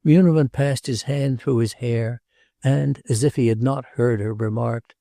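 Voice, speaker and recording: A man narrating a classic novel in a measured, literary audiobook style. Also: medium pitch, steady tone, gravelly, warm tone, no room sound, studio quality.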